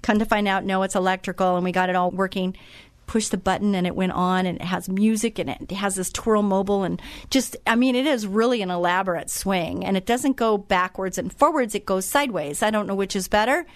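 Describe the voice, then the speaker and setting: A woman's voice: medium pitch, fairly quick, no echo. A middle-aged woman who hosts a faith-based radio show, telling a story in a chatty, enthusiastic way with frequent restarts.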